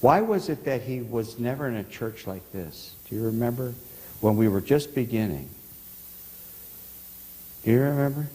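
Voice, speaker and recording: Halting pastor in an echoing church. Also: male voice, mid-range voice, lively intonation, a little mellow. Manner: halting, repeats words, asks the congregation questions. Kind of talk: rambling sermon anecdotes. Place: church sanctuary.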